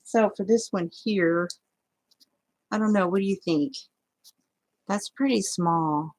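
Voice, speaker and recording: Slow, husky-voiced woman crafter chatting. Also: medium pitch, a little mellow, rough recording. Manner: chatty, scattered, talks to viewers while searching. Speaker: crochet vlogger. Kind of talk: casual rambling tutorial chat.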